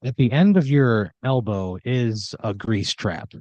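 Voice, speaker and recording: A man's voice: mid-range voice, animated, measured pace, a little mellow, no echo, dull audio. A young man spins an improvised comedy story in a loose, rambling way, packed with "like" and swearing. His voice sits in an ordinary middle range. The recording is dry and close. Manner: rambling, filler-heavy and profane. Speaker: podcast host and storyteller.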